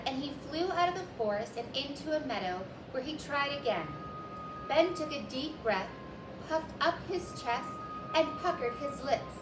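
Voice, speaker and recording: A woman hosting a library story time, reading a picture book aloud gently to children and showing a simple craft. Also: sits high, animated, moderate pace. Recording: echoey room with background music.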